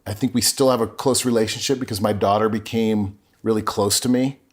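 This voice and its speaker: A man's voice: fairly low pitch, steady tone, brisk. A middle-aged man, a podcast guest, telling his personal story in an earnest, openly emotional way with frequent restarts.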